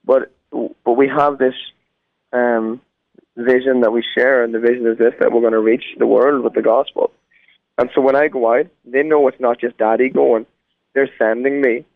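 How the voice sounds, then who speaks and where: A man's voice: mid-range voice, steady tone, normal speed, creaky, no echo. An Irish man, a guest musician, talking earnestly in a phone interview. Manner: earnest, preacherly. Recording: tinny phone line.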